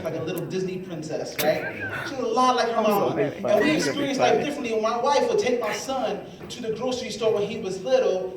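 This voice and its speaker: A man doing stand-up comedy who teases the crowd and talks straight to them. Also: high-pitched. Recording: very echoey hall from a distance, loud crowd.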